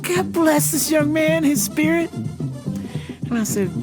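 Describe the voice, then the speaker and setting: Animated, laughing woman host over music. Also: high voice, drawn-out words, pauses often. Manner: animated storytelling, frequent laughter, heavy swearing. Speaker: show host. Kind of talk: casual profane chat.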